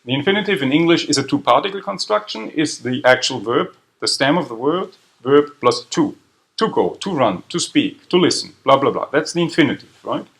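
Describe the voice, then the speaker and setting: A man from southern Germany, lecturing a university seminar class in a lively way and quizzing students as he goes. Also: medium pitch, brisk. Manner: lively, quizzes the class, tags 'right?' after points. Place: lecture room. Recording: echoey room, voice far from mic.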